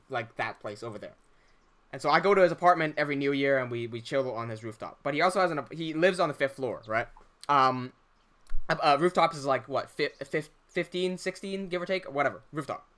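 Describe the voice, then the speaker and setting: A young man hosting a livestream, casually telling an animated story, laughing often and swearing freely. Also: a little high, fairly quick. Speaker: livestream host.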